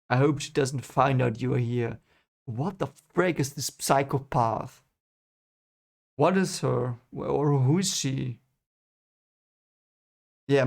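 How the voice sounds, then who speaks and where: Brief: man, gravelly voice, emotional first-time reading reaction. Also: mid-range voice, darkish tone. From Germany. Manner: emotional, reactive, swears and apologizes. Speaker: channel host reading a book aloud.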